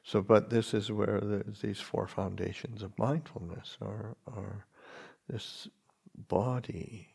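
A Buddhist monk gives a dharma talk in a deep, gravelly voice with plenty of fry. He speaks gently and haltingly, pausing and restarting his phrases. His voice is very husky and rough. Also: steady tone.

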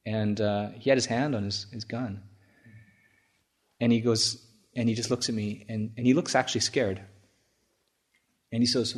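A man who is a Buddhist monk, telling a story in a halting, chuckling way with many restarts. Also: medium pitch, background noise. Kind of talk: storytelling talk.

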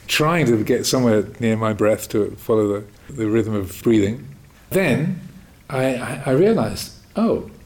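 This is a medium-pitched man who teaches Buddhist meditation, replying to a question in a Dhamma talk. He answers through calm, reflective storytelling with a touch of self-deprecating humor, captured on a low-quality recording.

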